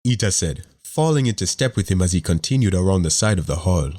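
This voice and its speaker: A man reads a fantasy audiobook aloud in a very low voice. His delivery is steady and measured, in the manner of scripted narration.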